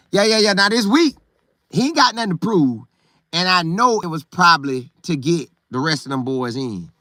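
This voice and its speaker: Speaking at medium pitch with a sharp tone, a middle-aged man hosts a casual live stream from Florida. He reads out viewer comments loosely and talkatively, repeating phrases for emphasis.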